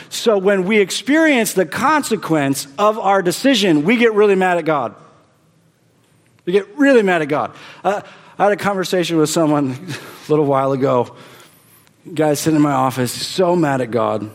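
A man preaching a sermon, emphatic, repeating phrases and swinging between loud and hushed delivery. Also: high voice, animated, normal speed, pauses often, big-room sound. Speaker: pastor.

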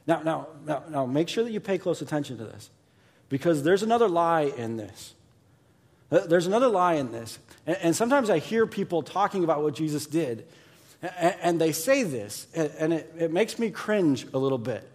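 A man preaching a sermon as pastor, emphatic and repetitive, dropping to a hush and then rising loud. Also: on the high side, lively intonation, normal speed. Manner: emphatic, repeats words, swings from hushed to loud.

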